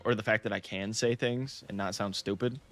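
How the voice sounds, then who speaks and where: A man's voice: lowish voice, moderate pace, soft background music. A young man from the United States, chatting casually while streaming a game, laid-back and swearing freely. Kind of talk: casual livestream chat while gaming.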